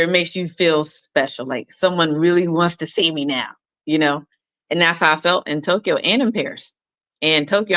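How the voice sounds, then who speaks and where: A woman's voice: lowish voice, a bit bright, no echo, lo-fi sound. A woman guest on a talk show, chatting casually and telling anecdotes over a video call. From Arizona. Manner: chatty storyteller, quotes people in her anecdotes. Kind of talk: casual interview chat.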